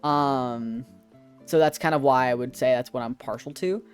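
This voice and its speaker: A man's voice: medium pitch, moderate pace, clear, resonant tone, faint music behind. A man streaming from home on a headset mic, chatting playfully with his chat in a sassy way and sometimes screaming. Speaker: livestreamer reading chat.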